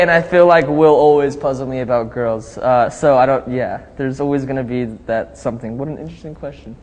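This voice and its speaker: A young male pop singer answers fan questions in a casual live chat, reading them out in an easygoing, talkative way and laughing often. His medium-pitched, somewhat dark voice moves quickly with barely any pauses, over long reverb and a faint noise floor.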